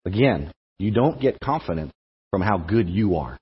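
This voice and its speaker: Speaking at normal speed, this campus ministry speaker has a deep, husky voice with lively intonation. The young man delivers a conversational sermon to a campus group, thinking aloud and repeating words. The hall is echoey and the audio dull and lo-fi.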